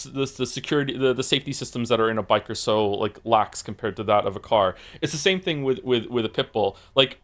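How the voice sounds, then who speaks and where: A man streaming and chatting casually with viewers, rambling through stories with lots of fillers, restarts and blunt swearing. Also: mid-range voice. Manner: profane and blunt.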